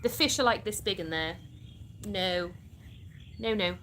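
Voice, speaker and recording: A woman's voice: mid-range voice, unhurried, a bit bright, slight background noise. Chatty British woman on a live stream. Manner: chatty, laughs often, answers viewers directly. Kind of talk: casual live chat reading comments.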